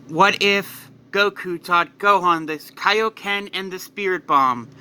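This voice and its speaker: A man narrating a fan-made story in quick, excitable storytelling. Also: high-pitched, clean tone. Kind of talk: casual fan-fiction narration.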